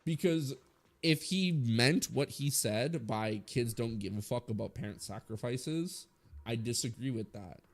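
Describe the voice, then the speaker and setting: A man's voice: medium pitch, measured pace. A man in his twenties giving a blunt, rambling opinion rant full of swearing, as a streamer talking to his viewers.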